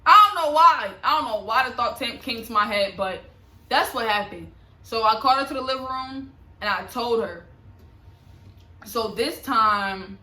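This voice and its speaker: A woman's voice: a little high, pushed and bright. A young woman vlogger telling a personal story in a casual, slangy, confiding way. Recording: echoey room.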